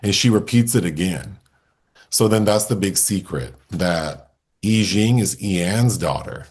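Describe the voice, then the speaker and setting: A man with a very low voice co-hosts a film review podcast. He recounts the plot step by step in an easy, conversational way. His voice sits deep throughout. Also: expressive, a little slow, a little mellow, breathy edge.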